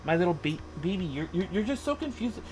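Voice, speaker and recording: A man's voice: high voice, big pitch swings, fast, a little mellow, slight background noise. A man streaming casually, chatting animatedly and cooing at his cat. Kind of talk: casual live-stream chat. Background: faint background music.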